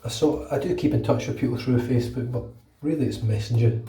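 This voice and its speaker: A man's voice: medium pitch, fast talker, mellow, recorded from a distance. A British man vlogging casually while shaving his head at home, chatty and rambling, swearing freely, a bit under the weather with a cold. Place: bathroom at home. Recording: echoey room, voice off-mic.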